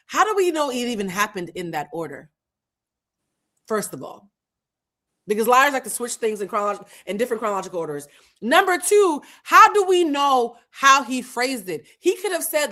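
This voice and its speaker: Woman, live commentary host, lively swooping delivery, slightly high voice, blunt and profane. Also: moderate pace. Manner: animated, blunt and profane, acting out quotes. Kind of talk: live pop-culture commentary.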